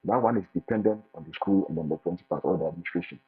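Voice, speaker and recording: An international teacher shares his experience, giving lively, casual advice in a low, husky voice at a racing pace. He's animated, often repeating words and restarting, and acts out quotes. The sound comes through a thin, phone-like line with faint music behind it.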